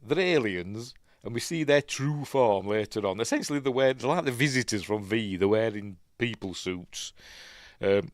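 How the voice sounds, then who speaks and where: A man with a Yorkshire accent talks through a film in a loose, live commentary, drifting off on tangents as he goes. His voice sits low and deep. The sound is close and dry, with no room around it. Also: dry recording. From Yorkshire, England. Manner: rambling, chatty, easily sidetracked. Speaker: host.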